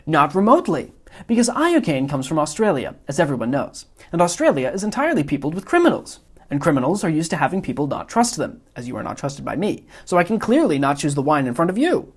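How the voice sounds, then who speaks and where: A man voicing a pompous, boastful criminal mastermind who lectures in a smug, rapid-fire way. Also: fairly high pitch, very animated, husky, pitched above the performer's own voice.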